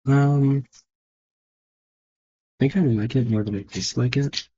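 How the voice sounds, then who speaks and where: A man's voice: medium pitch, slow pace, dark tone, breathy edge, lo-fi sound. A man thinking aloud and judging his own work as he draws, in casual narration. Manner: muttered, self-critical thinking aloud. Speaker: digital artist. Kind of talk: casual narration while drawing.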